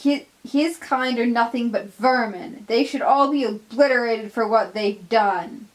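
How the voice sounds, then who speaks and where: A woman's voice: a little high, slow. A woman voicing a bitter, angry male steam engine with a Scottish accent, snapping and sneering. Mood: cross. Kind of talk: fan audio story reading.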